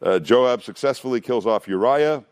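Man, pastor, casual sermon delivery with rhetorical questions and quick acted asides. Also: medium pitch, animated, clear, resonant tone. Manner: conversational, asks rhetorical questions, laughs often.

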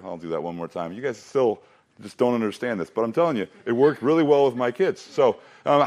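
A middle-aged man preaching to a student youth group. He says the memory lines slowly with emphasis and drops in joking asides. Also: medium pitch, lively intonation, a little mellow. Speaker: student ministry pastor.

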